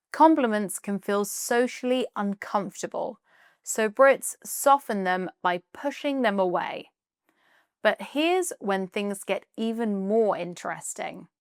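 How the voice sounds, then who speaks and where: A British woman presenting a scripted English lesson, explaining clearly and reading out example phrases. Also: medium pitch, a bit bright, no room sound, studio quality. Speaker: English teacher.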